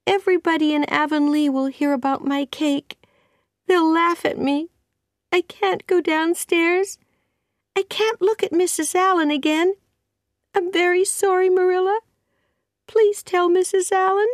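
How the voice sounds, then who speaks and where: A woman narrator voicing an excitable, emotional young girl, lifting her voice high and pleading. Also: measured pace, no room sound, studio quality. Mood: tearful.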